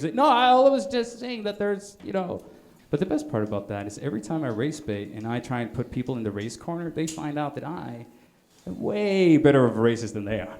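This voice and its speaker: A man's voice: on the high side, very animated, brisk, darkish tone. A man from Norway doing a live stand-up set in a comedy bar, rambling with stammered restarts and punchy asides.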